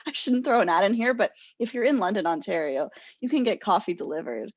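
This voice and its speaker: A woman's voice: medium pitch, expressive, fairly quick, husky. A young adult woman co-hosting a podcast, chatting casually and telling stories animatedly, laughing often. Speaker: podcast co-host. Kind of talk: casual chat. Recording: dull lo-fi sound, dry.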